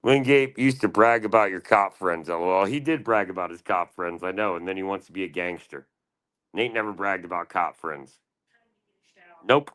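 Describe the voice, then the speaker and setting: A man with a fairly low voice hosts a livestream, firing off taunts and swearing at a rival in rough, heated banter. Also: moderate pace, a bit bright. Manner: taunting, profane trash talk. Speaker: livestream host.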